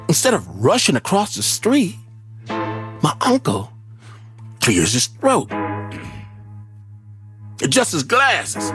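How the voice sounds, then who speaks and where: Animated male storyteller over music. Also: a little high, takes it slowly, pauses often. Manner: dramatic, animated, shouting out remembered voices. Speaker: host and storyteller. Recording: music bed behind voice.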